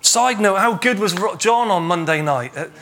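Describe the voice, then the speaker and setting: A man preaching a sermon as pastor, retelling a story with lively acted-out dialogue. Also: high voice, moderate pace. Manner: animated storytelling, acts out imagined dialogue.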